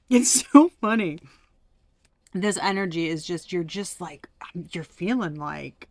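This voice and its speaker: A woman's voice: on the low side, takes it slowly, long pauses, no room sound. Chatty, laughing woman tarot reader. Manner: chatty, laughing, profane, drops to whispers. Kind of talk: casual tarot reading vlog.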